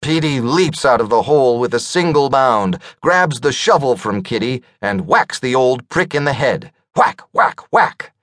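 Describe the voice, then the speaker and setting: A man's voice: medium pitch, animated, moderate pace, few pauses, fairly bright tone, no room sound, clean studio sound. A man narrating a comic audiobook in a playful, storytelling manner.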